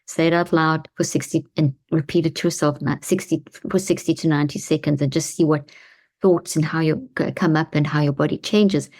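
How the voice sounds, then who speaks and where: A woman hosting a self-help talk, speaking calmly and slowly with a reassuring tone and repeated phrases. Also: low-pitched. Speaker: host.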